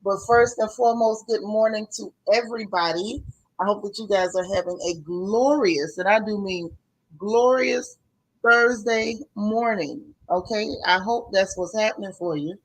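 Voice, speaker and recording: A woman's voice: medium pitch, normal speed. Woman, gossip livestream host, casual chatty greetings, calls viewers sis and boo. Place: home.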